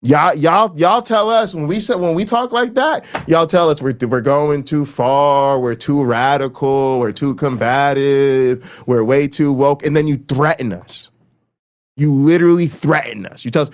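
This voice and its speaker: A man hosting his own channel, delivering a heated, profane political rant and repeating lines for emphasis. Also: a little slow. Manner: swings between raised emphasis and low, dropped delivery. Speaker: channel host. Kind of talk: impassioned political rant to camera.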